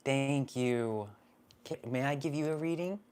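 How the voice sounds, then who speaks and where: A card reader hosting a live stream, talking in a soft, gentle and heartfelt way about spirit and guidance. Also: mid-range voice, unhurried, smooth.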